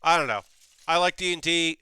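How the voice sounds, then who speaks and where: A young adult man talking casually on a livestream, a bright and forceful voice with a crisp, smooth edge. He rambles with restarts and slips into quick acted-out lines. The sound is dry and close, with no room around him. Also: a little high, no echo. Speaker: streamer. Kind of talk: casual chat while model building.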